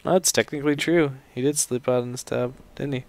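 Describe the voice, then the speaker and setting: A man's voice: medium pitch, steady tone, brisk. A man hosting a game playthrough, telling stories and reacting in a rambling, laughing way, swearing often. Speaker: let's play host. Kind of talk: casual gameplay commentary.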